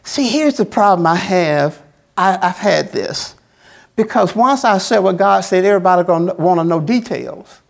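A man's voice: high-pitched, expressive, moderate pace, vocal fry. A man preaching a sermon as pastor, in a colloquial, folksy style, repeating phrases in a call-and-response cadence.

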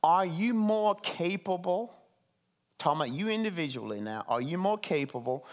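A man leading a meeting as his organization's CEO, talking to his staff in a slow, emphatic way, repeating phrases and putting questions to them. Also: sits high, lively intonation.

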